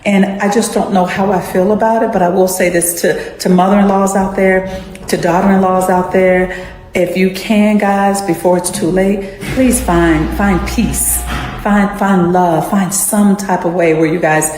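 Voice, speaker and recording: A woman's voice: mid-range voice, fairly even intonation, moderate pace, darkish tone, slight background noise. A woman who works in a care facility, earnestly telling a story from her job. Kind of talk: storytelling clip. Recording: echoey room with long reverb.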